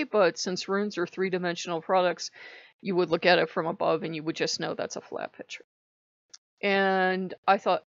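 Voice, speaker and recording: A woman's voice: mid-range voice, gravelly, dry recording. A woman hosting her own channel, telling a personal story in a rambling, emotional way with lots of fillers. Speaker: channel host. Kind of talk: casual personal vlog. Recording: dull lo-fi dry recording.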